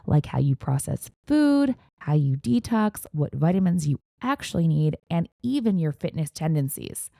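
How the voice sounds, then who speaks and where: A woman's voice: low-pitched, gravelly, warm tone, no echo, studio quality. A woman host reading a sponsor ad on a podcast in an upbeat, scripted way. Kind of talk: scripted ad read.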